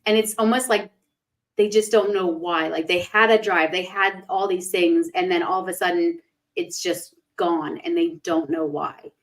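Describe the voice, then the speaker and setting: Animated woman hosting a livestream chat. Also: on the low side, normal speed, poor audio. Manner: animated, acts out quoted thoughts in a raised voice. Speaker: spiritual life coach and livestream host.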